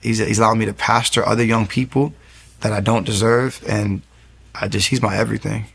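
In an interview, a young man earnestly tells his story as a testimony, acting out the things people said to him. His lowish voice is gravelly, a bit bright and slightly rough, with fairly even intonation and a brisk pace.

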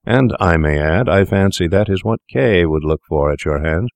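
Low-voiced reader doing a cool, unscrupulous young doctor, sneering and worldly. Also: male voice, lively intonation, normal speed, vocal fry, dry recording. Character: clever, cynical young male doctor.

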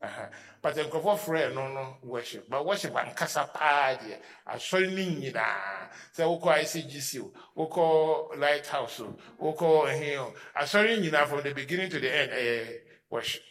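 A man's voice: on the high side, lively intonation, moderate pace, few pauses, fairly bright tone. A Ghanaian man, a pastor, giving an emphatic teaching talk and switching between Twi and English.

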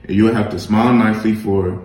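A man voicing a patient, firm mother in a children's story, calm and steady. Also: fairly low pitch, fairly quick, very echoey, natural voice.

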